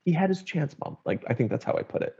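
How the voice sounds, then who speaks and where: A man's voice: on the high side, expressive, fast, warm tone, husky. A young adult man candidly telling his personal story in an interview, wry and blunt, acting out what his family said. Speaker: guest sharing his story. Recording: dull lo-fi audio.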